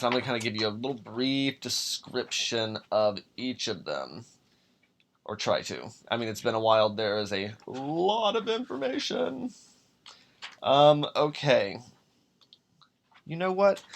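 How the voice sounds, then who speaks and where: A man hosting a tabletop game podcast, talking casually on his own as he builds a character, thinking aloud with many pauses and restarts. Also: medium pitch, a bit bright. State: has the hiccups. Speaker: podcast host making a character. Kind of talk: casual solo walkthrough.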